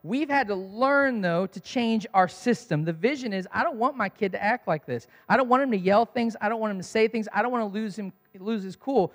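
A man's voice: high voice, brisk, hardly any pauses, long reverb tail. A man preaching a sermon in a conversational storytelling way, laughing at his own story.

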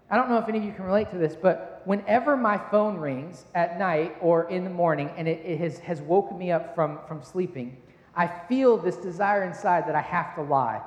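High-voiced man preaching in an echoey hall. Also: highs cut off. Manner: conversational, self-deprecating, anecdotal. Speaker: pastor. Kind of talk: sermon with personal storytelling. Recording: echoey hall with long reverb.

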